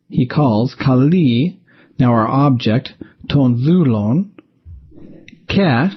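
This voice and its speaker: Husky man teaching step by step. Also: mid-range voice, dull audio. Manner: methodical, explains step by step. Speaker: Greek teacher. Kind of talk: recorded lesson.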